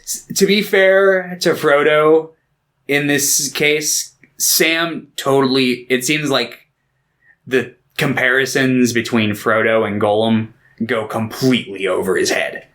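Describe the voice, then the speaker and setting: A man's voice: mid-range voice, steady tone, slow, fairly bright tone. A man co-hosting a movie podcast, retelling scenes in loose, profane casual chat and briefly putting on character voices. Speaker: podcast co-host.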